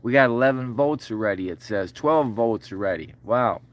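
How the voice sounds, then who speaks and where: At a moderate pace and medium pitch, the middle-aged livestream host rambles folksily, addressing viewers as brother and sir. Emotion overtakes him and his voice cracks as he chokes up.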